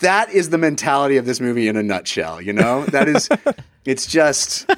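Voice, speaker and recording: A man of medium pitch co-hosts a casual film podcast. He retells scenes with an amused, chatty manner. The recording is dry and close. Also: big pitch swings, normal speed, no echo. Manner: amused storyteller, quotes scenes. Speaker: podcast co-host. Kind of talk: casual movie review chat.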